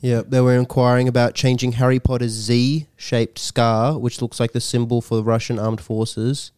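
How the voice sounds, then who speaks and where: A man's voice: mid-range voice, level tone, moderate pace, darkish tone, clean tone, dry recording, studio quality. A man, the podcast's producer, bringing up a news story in casual chat and tripping over names. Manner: presents a news item, stumbling over names.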